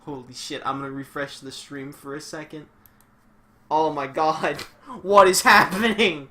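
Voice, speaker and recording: Excitable swearing young male game streamer. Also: on the high side, measured pace. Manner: excitable, swears a lot, swings from shouting to muttering. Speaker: streamer and commentator. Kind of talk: live game-stream commentary.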